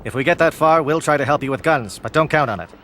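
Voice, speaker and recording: A man's voice: on the high side, quick pace, a bit bright, slight background noise, lightly acted. A man voicing a stern alien military captain. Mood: resolute. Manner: formal, clipped military speech. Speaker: commander briefing troops. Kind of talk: video game dialogue.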